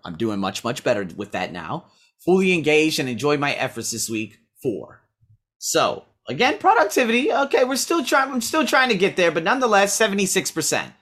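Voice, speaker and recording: A man's voice: medium pitch, fairly bright tone, slightly rough. A man who teaches, talking through a casual weekly self-review, rambling and blunt, swearing freely as he scores himself aloud.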